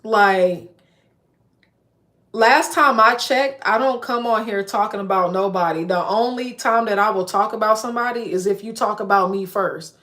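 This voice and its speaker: A woman's voice: medium pitch, moderate pace, fairly bright tone. A woman in her late thirties talking straight to her live-stream audience, blunt and emphatic, stacking up repeated lists to drive home her point. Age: 30s. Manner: blunt, emphatic, repetitive listing. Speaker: livestreamer. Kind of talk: casual live-stream rant.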